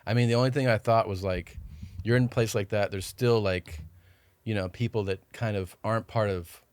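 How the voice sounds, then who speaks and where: A man's voice: lowish voice, fairly even intonation, brisk, darkish tone, clear, resonant tone, dry recording. A man guesting on a podcast, telling rambling stories in casual chat and acting out what others said to him.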